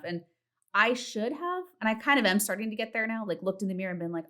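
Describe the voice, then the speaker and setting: A woman in her thirties hosting a casual solo podcast from home, chatty and candid, swearing freely and acting out her self-talk in a high voice. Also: animated, fast, pushed and bright. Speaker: podcast host. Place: home, partner in the next room.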